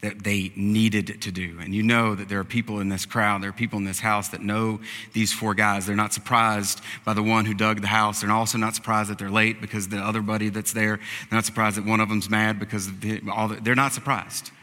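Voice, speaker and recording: A man's voice: on the low side, flat delivery, brisk, sharp tone. A man preaching a conversational sermon, acting out the characters' lines as he goes. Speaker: pastor. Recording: preached in a large hall with long reverb.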